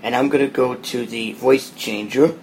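A man hosting a podcast, walking listeners through an app in a relaxed, plain explaining tone. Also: mid-range voice, moderate pace, creaky, noisy background. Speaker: podcast host demoing an app. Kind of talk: casual spoken app walkthrough.

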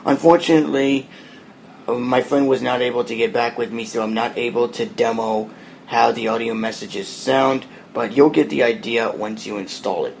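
A man hosting a podcast, walking listeners through an app in a relaxed, plain explaining tone. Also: mid-range voice, moderate pace, gravelly, slight background noise. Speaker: podcast host demoing an app. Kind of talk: casual spoken app walkthrough.

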